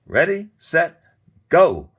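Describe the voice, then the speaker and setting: A man voicing a flock of eager little forest birds, with high excited chirping. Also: moderate pace, husky.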